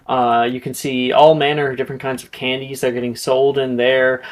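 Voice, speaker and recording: A man's voice: mid-range voice, little pitch movement, normal speed. Chatty male game master. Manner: chatty, rambling with fillers. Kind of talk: narrating a tabletop game.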